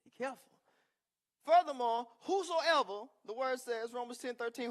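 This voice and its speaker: Fairly quick and lively in intonation, this very high-voiced male pastor delivers a sermon full of emphatic call-and-response. He alternates between booming declarations and quieter comments.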